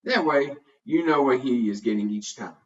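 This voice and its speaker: A man voicing a patient, kindly father in a children's storybook, explaining things calmly. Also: mid-range voice, moderate pace, close to an everyday voice. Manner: calm, explaining. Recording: dull, distant home recording.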